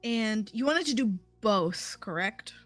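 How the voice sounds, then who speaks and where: A woman running a tabletop game as game master, talking hesitantly with many pauses and fillers. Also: on the high side, expressive, a bit bright, dry recording, soft background music. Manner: hesitant, many ums and likes.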